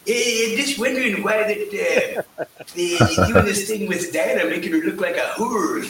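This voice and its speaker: A man voicing a gruff older man who rambles through a complaint on the phone, full of halting pauses. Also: high voice, big pitch swings, a loud crowd, rough recording. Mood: aggrieved.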